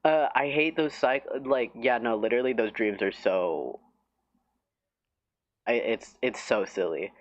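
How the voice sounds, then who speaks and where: A man's voice: medium pitch, measured pace, long pauses. Male streamer, casual chat, giggly, self-mocking, rambling, slightly lo-fi audio.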